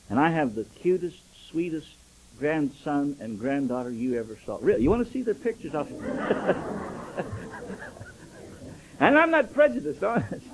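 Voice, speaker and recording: A man's voice: fairly high pitch, big pitch swings, unhurried, pauses often, a little hiss or hum, rough recording. An older man, a pastor, preaching a sermon and acting out dialogue as he tells stories.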